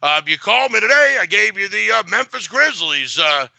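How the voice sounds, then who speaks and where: A man's voice: high voice, very animated, fairly quick, creaky, pushed and bright, no room sound. A man giving a sports betting pick in a blunt, boastful way, full of filler uhs.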